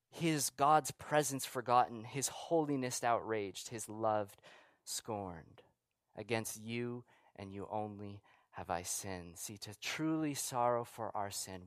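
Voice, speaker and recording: A man's voice: medium pitch, dry recording. Man preaching a conversational sermon. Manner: conversational preaching with frequent rhetorical questions and asides. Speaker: pastor.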